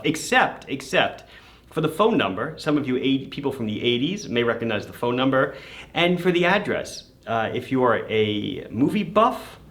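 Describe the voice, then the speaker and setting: A man's voice: medium pitch, fairly bright tone. A man who runs a watch shop, casually telling his viewers a story in a chatty, amused way. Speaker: watch shop owner and channel host.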